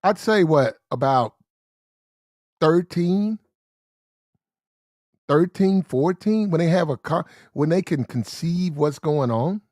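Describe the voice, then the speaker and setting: A man delivers opinionated commentary in a blunt, slang-heavy way and circles back to repeat his points. His voice sits a little high for a man. The recording is close and dry, with no room sound. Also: animated, takes it slowly, long pauses, a little mellow, no echo. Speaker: commentary show host.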